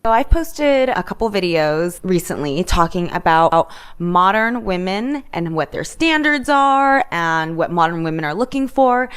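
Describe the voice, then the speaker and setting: A woman vlogging to camera, chatty and conversational as she works from notes. Her voice is smooth and clear, a little low, with a lively rise and fall. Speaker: content creator. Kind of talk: talking-head vlog.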